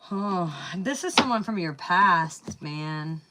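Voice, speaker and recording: A woman's voice: lowish voice, lively intonation, takes it slowly, background noise. A woman with a Southern US accent giving a casual tarot reading, chatty and thinking aloud, saying "y'all" and "man". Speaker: tarot reader.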